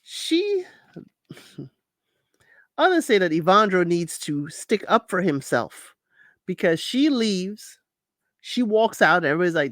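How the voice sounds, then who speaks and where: A woman's voice: on the low side, slow, pauses often, no room sound, studio quality. Woman recapping reality tv, casual and blunt, voice all over the place. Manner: animated, colloquial, scolds people directly. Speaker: reality show recap host. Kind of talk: casual commentary.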